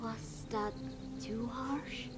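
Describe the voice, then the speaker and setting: A woman's voice: fairly high pitch, fairly even intonation, very slow, very noisy. An actress playing a polite, hesitant woman giving an apologetic opinion in a video game. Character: polite woman trying to be tactful.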